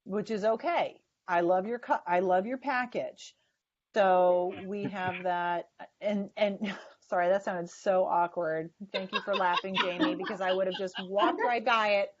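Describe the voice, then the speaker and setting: A woman coaches sales staff over a webinar, leaning on key words with an emphatic tone. Her voice sits at a middle pitch. The sound is dull and lo-fi, like a video call. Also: steady tone, unhurried. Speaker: sales trainer.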